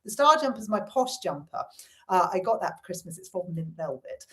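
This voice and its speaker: A woman's voice: fairly low pitch, big pitch swings, normal speed. A middle-aged woman chatting casually on a live stream, reading comments and swearing now and then. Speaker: livestream host.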